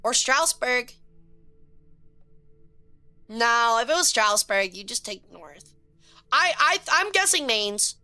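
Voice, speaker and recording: A woman streamer giving casual live game commentary, excitable and quick to swear, chatting with her viewers. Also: a little high, faint music behind. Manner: excitable, swears a lot when frustrated, chats with viewers.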